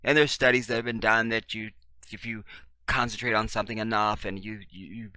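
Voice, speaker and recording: Man, preachy commentary monologue, emphatic repetition, bright sharp tone, dry close sound. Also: lowish voice, level tone, a little fast, no echo. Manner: swings from loud to very quiet. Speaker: commentary channel host.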